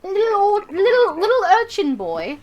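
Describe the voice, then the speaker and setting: A woman's voice: very high-pitched, huge pitch swings, moderate pace, lo-fi sound, pitched above the performer's own voice, full character voice. A woman voicing a poor little orphan boy from the London streets, in an exaggerated, pleading put-on accent. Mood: pleading, silly.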